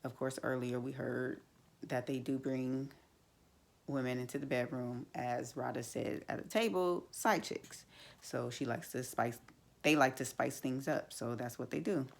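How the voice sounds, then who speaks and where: Blunt chatty woman with vocal fry. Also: very deep voice, fairly even intonation, moderate pace, a little mellow. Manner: blunt, chatty, many fillers like "like" and "you know". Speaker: TV show reviewer. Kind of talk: casual opinionated recap.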